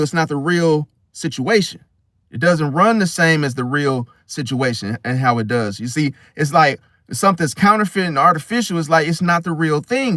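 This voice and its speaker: In a studio-quality recording with no room sound, a man with a sharp, higher-leaning voice preaches casually about astrology. This vlogger is slangy and blunt, swears offhandedly, and keeps asking rhetorical questions like "See?".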